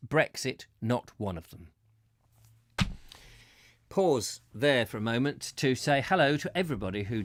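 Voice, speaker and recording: A man's voice: medium pitch, no room sound, clean studio sound. Playful man reading a book aloud live. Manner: playful, jokey, greets viewers and does voices.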